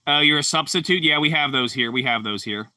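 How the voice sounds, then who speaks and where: Pittsburgh guy w/ a pa just chillin on stream, reading chat, kinda rambly, real bright voice, sitting back a bit from the mic in a dry room. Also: fairly high pitch, a little fast, no room sound, distant mic. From Pittsburgh, Pennsylvania. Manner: laid-back, rambling, frequent fillers. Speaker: livestream host. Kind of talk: casual livestream chat reading comments.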